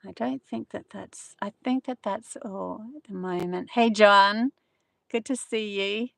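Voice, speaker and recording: A middle-aged woman speaks as a spiritual channeler on a live stream. She talks earnestly and rambles, with frequent fillers. Her voice sits at a middle pitch and sounds dry and close to the mic. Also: a little slow, vocal fry, a bit bright, dry recording.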